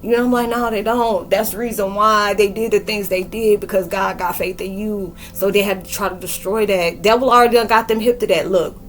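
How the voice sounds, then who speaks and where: A woman in her forties giving a rambling, slangy spiritual monologue and acting out quoted dialogue in a lively way. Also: mid-range voice, a little fast, few pauses, faint music behind. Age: 40s. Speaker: spiritual podcaster and reader.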